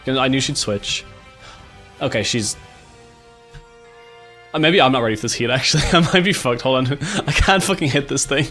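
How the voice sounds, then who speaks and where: An Irish man at a middling pitch talks through a video game run, excitable and quick to swear. He reacts out loud to every turn and thinks through his choices as he goes. Faint game music plays behind him. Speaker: gaming YouTuber. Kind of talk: casual gameplay commentary.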